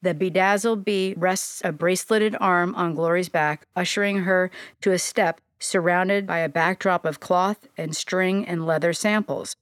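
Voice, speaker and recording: A low-voiced woman narrating a story. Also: fairly even intonation, a little slow, few pauses, dry recording, studio quality. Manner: gentle, descriptive storyteller.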